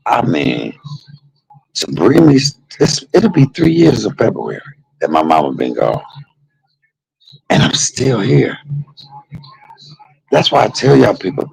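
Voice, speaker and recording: A man streaming a casual storytelling monologue, animated and laughing, shifting between jokes and heartfelt moments. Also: lowish voice, unhurried, creaky, pauses often, rough recording.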